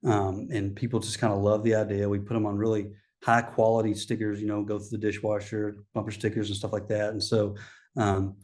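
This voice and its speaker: A man's voice: fairly low pitch, little pitch movement, a little fast, darkish tone. A middle-aged man, a guest chatting casually in an interview, rambling with many fillers and restarts. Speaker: guest, coffee shop owner.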